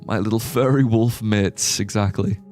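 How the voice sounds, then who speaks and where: A man's voice: on the low side, normal speed, a little mellow, faint music behind. A young man streaming a game, chatting casually and thinking aloud as he plays. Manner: rambling, thinking aloud with fillers. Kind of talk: casual live-stream chat.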